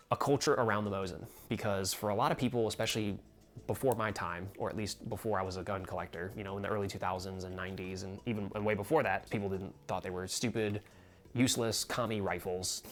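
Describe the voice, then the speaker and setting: A young American man hosting a casual video about his collection, rambling with frequent laughs and free swearing. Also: fairly low pitch. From United States. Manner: rambling, swears freely when annoyed, laughs often. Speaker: gun collector video host. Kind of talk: casual chat.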